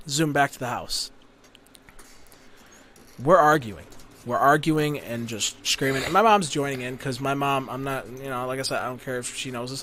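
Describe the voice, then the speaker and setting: A man on a podcast telling a long, profane story about a family fight, getting louder as he rants. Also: medium pitch, slight background noise. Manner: profane, ranting storyteller who rises to shouting. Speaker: podcast host. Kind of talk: casual storytelling chat.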